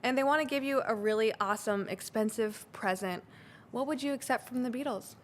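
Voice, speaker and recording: A woman hosting a casual interview, upbeat and quick to laugh as she sets up playful scenarios. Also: on the high side, a little hiss or hum. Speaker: podcast host.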